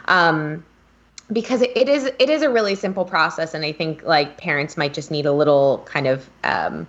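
A woman's voice: sits low, moderate pace. A woman hosting a casual chat about tapping, rambling and correcting herself as she talks. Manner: rambling, self-correcting, warm enthusiasm. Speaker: podcast host leading tapping. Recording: dull lo-fi sound.

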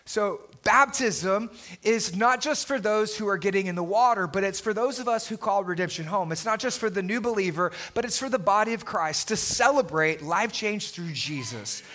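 A male pastor in his thirties preaching a lively, playful sermon to his congregation in a church, on a body mic. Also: high voice, normal speed. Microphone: wireless body mic.

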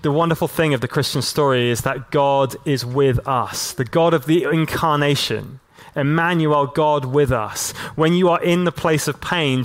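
A man preaching a sermon as a pastor, talking in a relaxed, conversational way with lots of casual fillers and slowing right down to stress key lines. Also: medium pitch. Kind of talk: sermon to a church and online audience.

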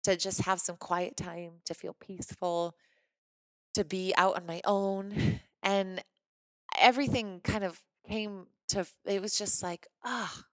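A woman from Missouri hosting a podcast, telling a personal story in a lively, chatty way with lots of "like" fillers. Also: mid-range voice, unhurried, no echo. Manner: animated, chatty, frequent "like" fillers. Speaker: podcast host. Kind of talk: casual storytelling monologue.

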